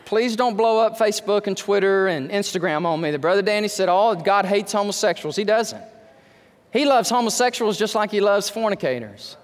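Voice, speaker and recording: A man's voice: sits high, lively intonation, a little fast, big-room sound. A man pastor preaching an emphatic sermon full of rhetorical questions, speaking in a church sanctuary.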